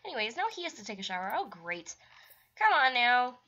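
Animated young woman playing a life sim. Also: a little high, fairly quick, lo-fi sound. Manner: exasperated, scolding the game characters. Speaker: gaming YouTuber. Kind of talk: let's play commentary.

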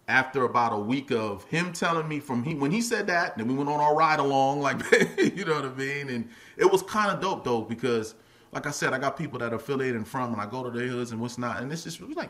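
A middle-aged man tells stories as a podcast guest, his voice bright and forceful. He talks in a lively way, slips into other people's voices as he goes, and laughs often. His pitch sits in the middle for a man. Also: brisk. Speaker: actor and comedian guest. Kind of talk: animated storytelling in casual chat.

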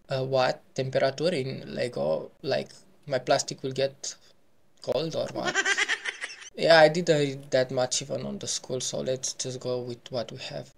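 Gravelly-voiced man playing a game. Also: medium pitch. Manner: playful, excitable, makes silly sound effects. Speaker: gaming YouTuber. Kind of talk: casual gameplay commentary.

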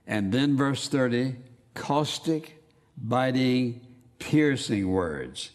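Man preaching an emphatic sermon. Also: medium pitch. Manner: emphatic, quotes scripture in slow dramatic readings.

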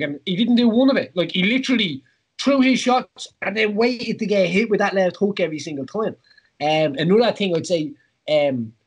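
Irish male host, husky high voice, rambling casual chat, laughs a lot. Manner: rambling, laughs often, many fillers. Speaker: podcast host, former fighter.

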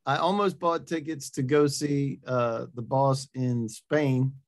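A man hosting a webinar in a casual, upbeat way, reading out audience messages with quick asides over a video call. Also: mid-range voice, steady tone. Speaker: webinar host.

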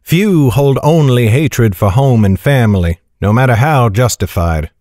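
A man voicing a grave, wise older knight who speaks in a measured, soft way. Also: medium pitch, dry recording, clean studio sound, close to an everyday voice. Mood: grave, gentle. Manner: measured, calm, soft-spoken.

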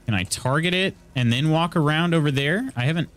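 A man's voice: fairly high pitch, brisk, fairly bright tone, a little hiss or hum. A man from central Illinois giving casual live commentary while streaming a game, thinking aloud and greeting his chat. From central Illinois, USA.

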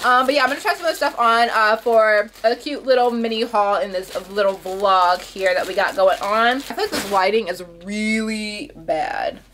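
A young woman vlogging in a casual, chatty way, her voice jumping up high when she gets excited. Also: normal speed, hardly any pauses, slight background noise. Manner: chatty and animated, swoops up high on exclamations. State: out of breath. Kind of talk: casual vlog chat.

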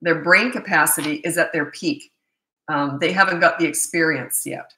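A woman's voice: deep voice, moderate pace, sharp tone. A woman in her sixties from North America, a parenting coach answering viewer questions on a live stream in a chatty, candid way with rambling asides. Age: 60s. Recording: echoey room.

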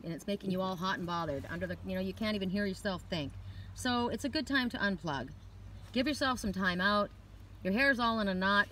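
A woman's voice: medium pitch, pushed and bright. A woman giving a casual spiritual card reading outdoors, talking in a rambling, candid, chatty way. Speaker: oracle card reader.

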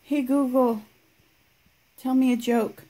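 A woman's voice: high-pitched, fairly even intonation, slow pace, warm tone. A woman giving a casual home review of a smart speaker, talking to it with dry amusement. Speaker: product reviewer.

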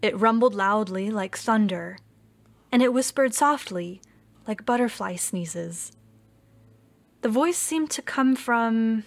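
Woman, storyteller, slow, gentle, expressive, worship service reading. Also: fairly high pitch. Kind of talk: reading a children's story aloud.

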